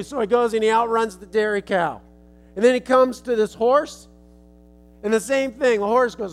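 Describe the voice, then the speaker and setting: A man's voice: extremely high pitch, fairly even intonation, normal speed, soft background music. A male preacher telling a children's story as a sermon illustration in a casual, folksy way.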